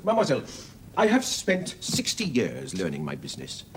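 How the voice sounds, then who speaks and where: A man's voice: mid-range voice, wildly swooping pitch, a little fast, a little hiss or hum. An older man playing a retired stage actor in a period TV drama, speaking in a grand, courtly, theatrical way.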